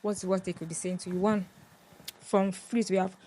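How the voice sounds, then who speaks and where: A woman's voice: fairly low pitch, steady tone, moderate pace, a little mellow. Chatty woman vlogger, giggles a lot, lots of likes and ums, acts stuff out. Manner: chatty and giggly, many fillers, acts out lines. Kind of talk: casual chat, reading lyrics aloud.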